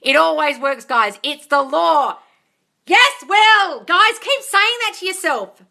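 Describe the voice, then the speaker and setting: A woman's voice: very high voice, animated, slow pace, creaky, pushed and bright. A woman, hosting a live-stream Q&A as a manifestation coach. She reads out viewers' comments and answers them in a bubbly way, squealing and laughing often.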